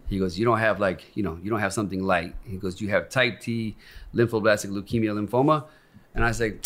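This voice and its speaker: A podcast guest with a lowish, slightly bright voice tells a personal story quickly. His talk is casual and candid, full of swearing, and he acts out the voices in the quotes he recounts.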